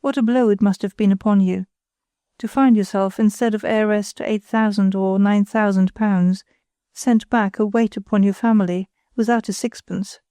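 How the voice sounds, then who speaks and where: A woman's voice: mid-range voice, fairly even intonation, moderate pace, dark tone, no echo, clean studio sound, close to an everyday voice. A woman reading the part of a young man, a blunt and scornful brother.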